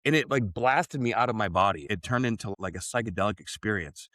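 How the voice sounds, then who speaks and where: A man's voice: lowish voice, expressive, a little fast, fairly bright tone, dry recording. A man speaking as a podcast guest, telling his story in an earnest, reflective way, with frequent "like" and "right?" in his casual speech.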